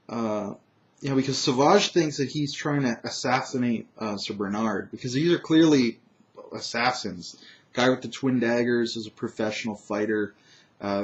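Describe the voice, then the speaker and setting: A man recaps a tabletop game session in a loose, rambling way, with plenty of fillers and restarts and an occasional chuckle. His voice sits in a mid pitch. The recording is dull and lo-fi. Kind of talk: casual game recap narration.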